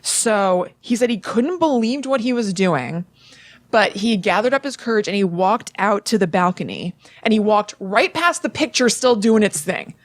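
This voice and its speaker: A woman's voice: mid-range voice, expressive, normal speed, dry recording. A young woman co-hosting a podcast, casually retelling a story in a chatty way full of "like" fillers. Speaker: podcast co-host.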